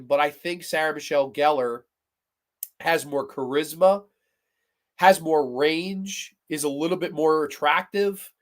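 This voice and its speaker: A man hosting a live stream, talking to his chat in an excitable, profane way as he agonizes aloud over picks. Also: a little high. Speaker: podcast host.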